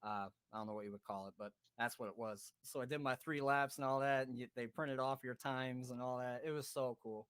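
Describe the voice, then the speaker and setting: A man's voice: medium pitch, fairly even intonation, fairly quick, few pauses, fairly bright tone, clear, resonant tone, dry recording. A man hosting a podcast, telling a rowdy story in a casual way, swearing freely, laughing and acting out his friends' voices. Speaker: podcast host.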